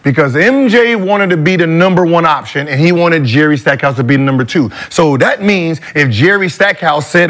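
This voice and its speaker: A man's voice: on the high side, lively intonation, brisk, few pauses, fairly bright tone. A man in his forties, a podcast co-host and former player, insistently arguing a point in a heated casual debate. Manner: insistent, argues with repeated points.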